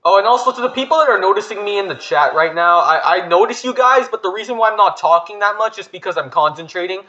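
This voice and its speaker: A man hosting a gaming video, commenting excitably and panicking with repeated words. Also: sits high, fast, highs cut off.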